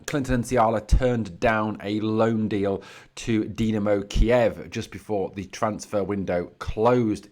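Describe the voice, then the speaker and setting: Fired-up man ranting about football. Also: lowish voice. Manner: heated and blunt, with many "you know" fillers. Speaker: football fan channel host. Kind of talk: opinionated solo commentary.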